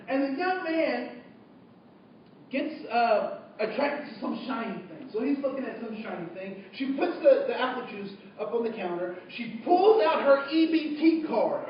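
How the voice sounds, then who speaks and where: A man telling an animated story to an audience, acting out voices and dialogue. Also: very high voice, moderate pace. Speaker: diversity trainer telling a story. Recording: distant, dull, very echoey room recording with faint noise.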